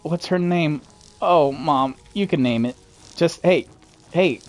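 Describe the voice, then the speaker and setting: Slow-talking man chatting over gameplay. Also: fairly high pitch, soft background music. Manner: rambling, swearing, laughing reactions. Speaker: gamer streamer. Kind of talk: casual gameplay commentary to his mother.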